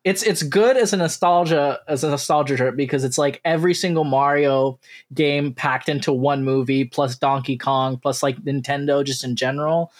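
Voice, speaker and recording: A man's voice: mid-range voice, normal speed. A man co-hosting a casual podcast chat, enthusiastic, laughing often and swearing casually. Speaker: podcast co-host.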